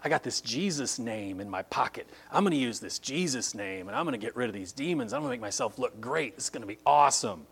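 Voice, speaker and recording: A man voicing a boastful male charlatan exorcist, muttering quickly and cockily. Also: medium pitch, sing-song, creaky, slightly rough, heavily acted. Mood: smug.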